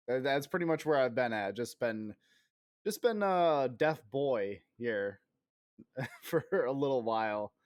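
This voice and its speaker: This game streamer, a man in his thirties with a mid-range voice, talks casually while recovering from an illness that leaves him coughing sometimes. He's rambling, self-deprecating and profane, and the audio is clean studio sound without echo.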